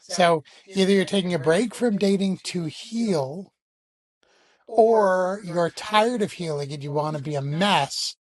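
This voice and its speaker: A man co-hosting a podcast in casual chat, joking and dry, with halting asides. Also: high voice, no echo. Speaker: podcast co-host.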